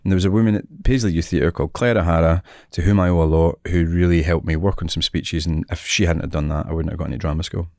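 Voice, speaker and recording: A man's voice: deep voice, fairly even intonation, quick pace, vocal fry, few pauses, a little mellow, dry recording, clean studio sound. A Scottish man in his forties, a guest telling stories in a casual interview and often laughing. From Scotland. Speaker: actor, guest.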